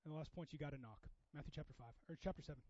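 High-voiced man preaching a sermon. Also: rapid-fire, no echo, highs cut off. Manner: conversational, swinging from loud exhortation to hushed asides. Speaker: pastor.

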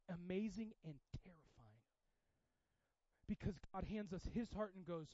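A man with a high voice preaches with passion, his delivery swinging from hushed, intimate stretches to loud, urgent ones. The sound is dry and close, with a slightly dull, muffled tone. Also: measured pace, long pauses, dry recording. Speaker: pastor. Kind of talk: sermon.

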